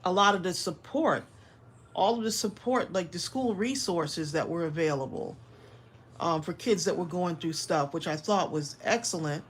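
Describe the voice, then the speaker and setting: A woman co-hosting a home crafting livestream, speaking thoughtfully in relaxed chat. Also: lowish voice, a little hiss or hum. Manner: unhurried and thoughtful, laughs often. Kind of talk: casual chat.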